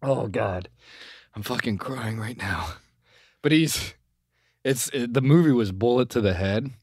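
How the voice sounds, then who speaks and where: A man's voice: medium pitch, a little slow, darkish tone, no room sound, studio quality. A young man co-hosting a podcast, telling a story in a rambling way, laughing often and swearing casually. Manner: rambling, laughs a lot while telling stories, crude language. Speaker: podcast co-host.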